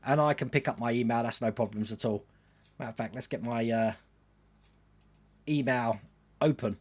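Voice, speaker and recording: A man's voice: medium pitch, normal speed. A man hosting a casual livestream, reading out viewer comments and answering them in a chatty way. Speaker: livestream host answering chat.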